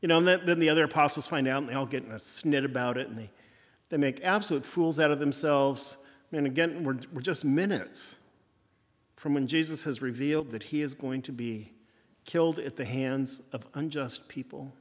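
Folksy pastor in a reverberant church. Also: male voice, medium pitch, normal speed. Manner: folksy, repeating refrains. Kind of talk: conversational sermon.

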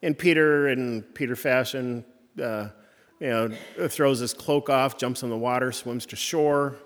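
Halting preacher in a reverberant hall. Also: male voice, medium pitch, fairly even intonation. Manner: halting, conversational, many restarts. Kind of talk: sermon.

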